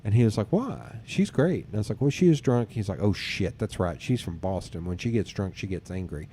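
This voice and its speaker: Man, podcast host, low pitch, mellow tone, casual storytelling, quotes others animatedly, casual swearing. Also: expressive, brisk, a little hiss or hum. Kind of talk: casual chat, telling personal dating stories.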